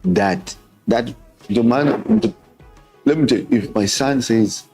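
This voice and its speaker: A man's voice: lowish voice, animated, a little slow, vocal fry, darkish tone, husky, soft background music, rough recording. A man in his thirties with a Kenyan English accent, hosting a show and talking earnestly, mixing English and Swahili and repeating words for emphasis. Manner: switches between English and Swahili. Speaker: host. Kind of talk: casual reflective talk.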